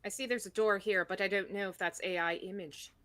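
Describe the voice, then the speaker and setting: A woman's voice: medium pitch, fairly even intonation, brisk, sharp tone, a little hiss or hum. A woman playing in a tabletop game, talking in a wry, practical way. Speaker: player. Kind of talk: casual tabletop game chat.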